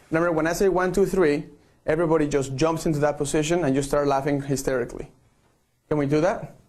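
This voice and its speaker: A man's voice: fairly high pitch, darkish tone. A man directing a group photo shoot on a live stream, playful and coaxing, checking in with "okay" after each instruction.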